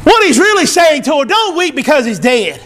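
A male pastor preaching a sermon in church, emphatic and teary, repeating short phrases and building to shouts. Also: extremely high pitch, big pitch swings, moderate pace. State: teary, emotional.

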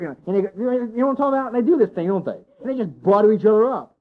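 Man, pastor, sermon, folksy, rhetorical questions, higher voice, muffled lo-fi sound. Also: big pitch swings, very fast. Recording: dull lo-fi sound.

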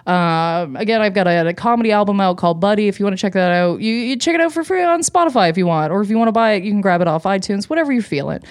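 A woman comedian co-hosting a podcast, telling a story in a casual, animated way, swearing freely and laughing often. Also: medium pitch, rapid-fire, hardly any pauses.

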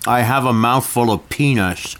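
A man's voice: medium pitch, moderate pace. A man co-hosting a podcast from his dining room over a video call, joking and rambling with plenty of fillers. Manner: animated, jokey, rambling with fillers. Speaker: podcast co-host. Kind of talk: casual chat.

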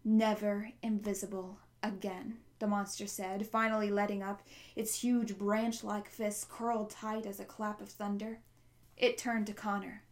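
A woman's voice: mid-range voice, moderate pace. Woman reading a novel aloud. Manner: steady, with small slips. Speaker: audiobook narrator.

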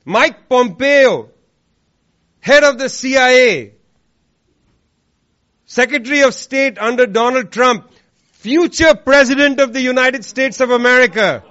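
A man's voice: extremely high pitch, unhurried, pauses often, sharp tone. A man giving a political speech to a live audience in a room, sarcastic and emphatic, repeating lines for effect. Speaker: speaker at an activist event. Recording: dull lo-fi recording.

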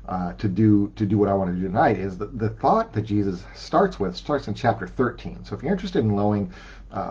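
A middle-aged man preaching an informal sermon, talking in a conversational, halting way with many fillers and restarts, and reading scripture aloud. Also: sits low, a little mellow, husky, muffled recording.

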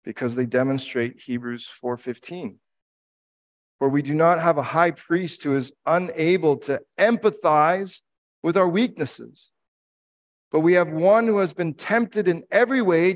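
A man's voice: fairly high pitch, a little slow. A middle-aged man preaching a sermon in an earnest, reflective way, grieving the recent death of his father and repeating key phrases for emphasis. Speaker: pastor.

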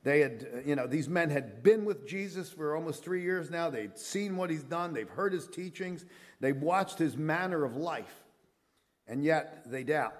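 A man's voice: fairly high pitch, lively intonation, unhurried. A middle-aged male pastor preaching a sermon in an earnest, conversational way, with frequent fillers and restarts.

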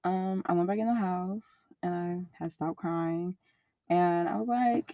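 A young woman with a fairly low voice speaks openly about her past in an interview. Her talk is casual and full of slang, and it grows lively whenever she acts out what others said. The recording is close and dry, with no room sound. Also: takes it slowly, no echo. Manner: casual slang-heavy, animated when quoting others. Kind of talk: candid personal interview.

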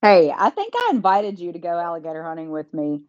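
A woman's voice: fairly low pitch, huge pitch swings, brisk, darkish tone, no echo. A woman guest on a podcast in casual chat, upbeat and giggly, heard over a dull remote line. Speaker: podcast guest, strongwoman athlete.

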